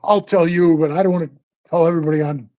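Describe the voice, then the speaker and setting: An older man tells a long story in an easy, profane ramble, stopping often to call the listener bro. His voice has a dark, relaxed tone. It sounds like an unscripted sit-down interview. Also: on the high side, fast talker. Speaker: interview guest, former biker club member.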